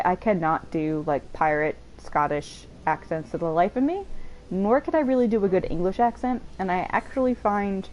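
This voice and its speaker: A woman's voice: on the low side, darkish tone, a little hiss or hum, low-quality recording. A woman giving casual let's-play commentary, chatty, swearing casually and laughing often. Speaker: game streamer. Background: faint game music.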